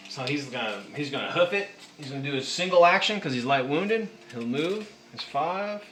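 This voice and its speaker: A man running a tabletop wargame, casual and excitable, counting dice out loud. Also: a little high, moderate pace, slight background noise. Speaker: game master. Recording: echoey room with music behind.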